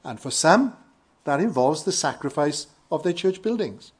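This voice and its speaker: A man from Wales with a Welsh accent, preaching an earnest sermon with emphatic rises and quiet falls. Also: on the high side, animated, normal speed, slightly rough. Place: church in London.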